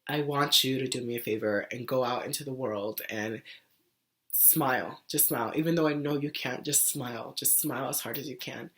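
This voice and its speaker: A young woman talking earnestly to camera in a casual vlog, rambling with lots of "like" fillers. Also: a bass voice. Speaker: vlogger sharing her own illness story. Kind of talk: casual heartfelt vlog talk.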